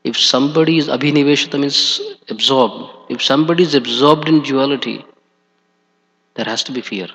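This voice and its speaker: A man's voice: mid-range voice, brisk, a bit bright, slightly rough. A man giving a scripture class in a temple hall, talking hesitantly with many fillers. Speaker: class speaker. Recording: dull echoey hall recording.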